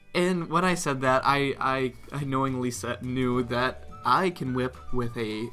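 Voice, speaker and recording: A young man casually telling a prank story as a vlogger, laughing often and acting out what others said. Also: medium pitch. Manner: animated, laughs often, reenacts others' lines.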